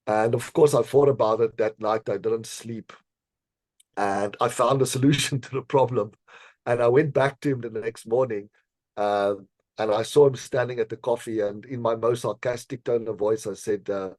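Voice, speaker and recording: A man being interviewed on a podcast, telling a personal story in an earnest, measured way, with frequent fillers and small laughs. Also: medium pitch, a little mellow, dry recording. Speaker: podcast guest, decision scientist.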